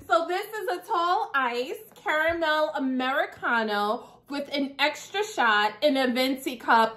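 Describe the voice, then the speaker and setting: A woman with a high voice speaks slowly and unhurriedly in a casual vlog. She chats playfully to her viewers and breaks into laughter often. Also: a bit bright. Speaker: vlogger. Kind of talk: casual chat to camera.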